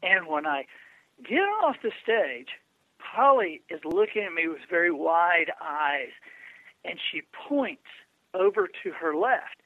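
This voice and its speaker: A man's voice: a little high, animated, slow pace, no echo. A man guest on an interview, telling anecdotes animatedly with frequent stammering restarts. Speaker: guest, public speaker. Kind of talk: storytelling interview. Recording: tinny phone-like line.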